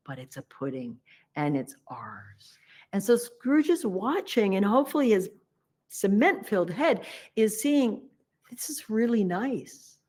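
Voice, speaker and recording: A woman meditation teacher giving a humorous dharma talk, retelling a story in a chatty, animated way and playfully acting out its characters. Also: medium pitch.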